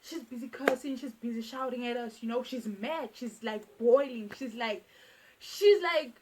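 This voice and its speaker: High-voiced South African woman telling a story. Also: normal speed, slight background noise. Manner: animated, repeats phrases for emphasis. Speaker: YouTuber. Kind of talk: casual storytime.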